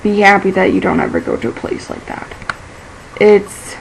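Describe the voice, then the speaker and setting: A teenage girl rambles through a casual vlog with a gravelly, creaky edge to her mid-pitched voice. She drifts from thought to thought, piling up "like" and breaking into easy laughs. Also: very animated, slight background noise, low-quality recording. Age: teens. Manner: chatty and scattered, fills every pause with "like", laughs easily. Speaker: vlogger.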